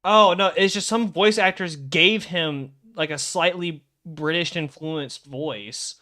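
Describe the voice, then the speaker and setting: A young man streaming live, chatting excitably and rambling about game lore. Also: a little high, dry recording, clean studio sound. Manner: excitable, rambling, quick bursts of laughter.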